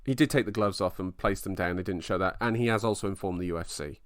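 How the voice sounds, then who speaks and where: A young man co-hosting a casual sports podcast, rambling and excitable as he retells a fight. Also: low voice, fast, dry recording, clean studio sound. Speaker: podcast co-host.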